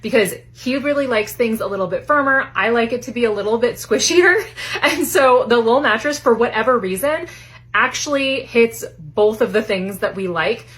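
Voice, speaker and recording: A woman's voice: a little high, animated, normal speed, fairly bright tone. Casting note: woman, upbeat ad read, emphatic. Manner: bubbly, emphatic selling. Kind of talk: mattress advertisement read.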